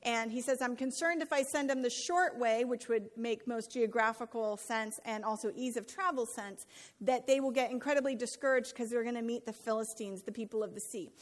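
A woman's voice: on the high side, fairly quick. A woman giving a sermon, reading scripture aloud with casual, chatty asides. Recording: long reverb of a hall.

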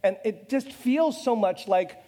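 A man's voice: high-pitched, animated, unhurried, dark tone, big-room sound. A man preaching a sermon in a loose, conversational way, joking at his own expense and firing off rhetorical questions. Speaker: pastor.

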